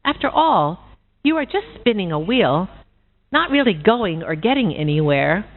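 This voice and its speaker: A woman voicing a cheerful, sociable busybody pig with a bright, chatty manner, on a tinny recording. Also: mid-range voice, big pitch swings, a little slow. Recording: tinny phone-like sound.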